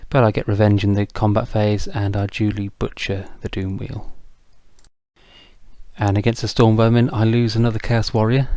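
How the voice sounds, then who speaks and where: A man's voice: on the low side, flat delivery, normal speed, mellow, dry recording. A man casually narrating a tabletop wargame battle report, chatty and self-deprecating, with frequent ums. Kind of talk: casual game recap narration.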